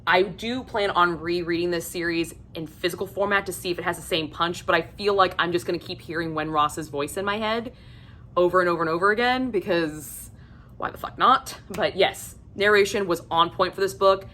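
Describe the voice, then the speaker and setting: Gushing woman with a bright, forceful voice. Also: lowish voice, fairly quick, a little hiss or hum. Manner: gushing and effusive, swears freely. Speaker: book reviewer. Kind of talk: casual video review.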